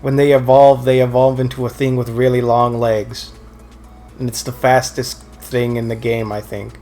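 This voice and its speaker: As a let's play co-host, this man gives rambling commentary on a video game, correcting himself and teasing dryly. His warm, mid-range voice moves little in pitch at a moderate pace, with faint music behind him.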